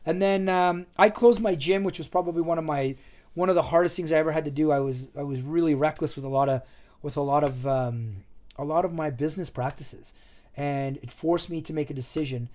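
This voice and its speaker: A man's voice: a little high, a little fast. A man in a casual chat, telling a long personal story in a loose, rambling way and acting out what people said. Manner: animated, acts out quoted dialogue.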